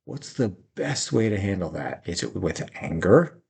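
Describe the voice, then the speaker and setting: Middle-aged guy with a raspy, fry-heavy voice, chatting about life lessons, acts out little quotes. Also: low-pitched, sing-song, moderate pace, darkish tone. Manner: storytelling, laughs often, acts out quotes. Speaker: vlogger giving life advice. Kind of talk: reflective personal talk.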